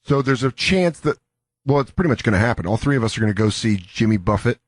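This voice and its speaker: A man's voice: mid-range voice, fast, no room sound, studio quality. A man co-hosting a comedy talk show, joking casually and acting out quoted people. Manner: animated, joking, acts out quoted voices. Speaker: comedy podcast co-host.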